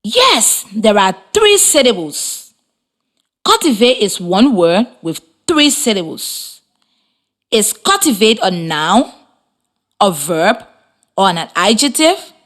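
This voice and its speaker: A woman teaching a children's reading lesson on the radio, giving slow, encouraging, clear instructions. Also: medium pitch, big pitch swings. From Liberia.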